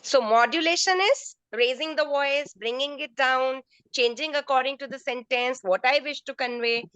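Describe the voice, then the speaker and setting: A woman's voice: high voice, moderate pace, a bit bright, clear, resonant tone, dry recording, low-quality recording. Woman trainer explaining patiently. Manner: explanatory, repeats and restarts phrases. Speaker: resource person, teacher trainer. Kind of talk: answering questions in an online training session. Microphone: video call.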